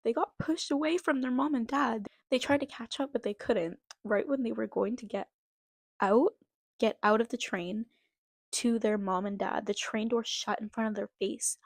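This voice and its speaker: A woman's voice: a little high, moderate pace, dry recording. A young woman vlogger reading an old story aloud with amused, self-mocking commentary.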